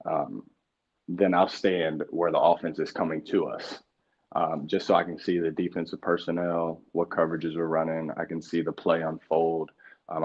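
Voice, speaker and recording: A young man, a pro football quarterback, talking casually as an interview guest, energetic and profane, with lots of fillers and restarts. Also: low voice, lo-fi sound. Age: young adult.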